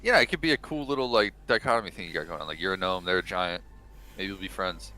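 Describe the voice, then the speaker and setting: A man's voice: low voice, quick pace, sharp tone, rough recording. A man playing a tabletop game, talking casually, hesitant and full of restarts. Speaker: player. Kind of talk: casual chat.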